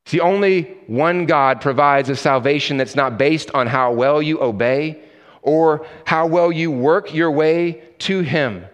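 A man's voice: a little high, unhurried. Male pastor preaching in a reverberant hall. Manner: storytelling preacher, acts out dialogue in the story. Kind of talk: sermon.

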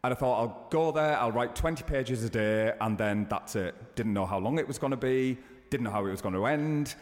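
A man in his thirties, a guest chatting in an interview, telling stories with sudden high excited bursts. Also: brisk, in a large hall. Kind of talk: casual interview chat.

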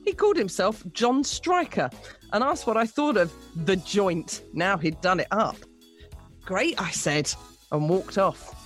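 A woman co-hosting a radio show, reading a listener's story aloud with lively, amused storytelling. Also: medium pitch, a little slow, soft background music. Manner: lively, amused storytelling, laughing between lines. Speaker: radio co-host.

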